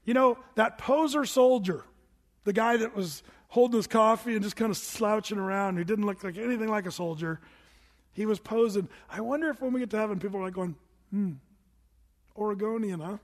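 A man preaching a sermon to a congregation, telling stories in a conversational way and asking them questions. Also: high-pitched. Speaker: pastor. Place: church hall with congregation. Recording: long hall reverb from a church room.

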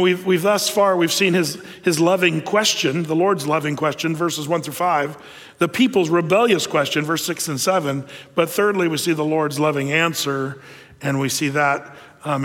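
A man's voice: on the high side, fairly bright tone. Preaching man in a reverberant hall. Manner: conversational preaching with many fillers and restarts. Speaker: pastor. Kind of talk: sermon.

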